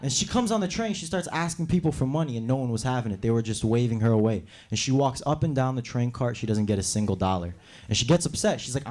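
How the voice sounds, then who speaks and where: A young man from New York doing a brash stand-up comedy set on a club stage, acting out characters in quick voices. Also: a little high, a little mellow. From New York City. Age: young adult.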